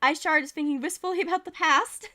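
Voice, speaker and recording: Giggly high-voiced woman streamer. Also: sharp tone. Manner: giggly, reads events aloud quickly, laughs often. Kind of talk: casual game commentary.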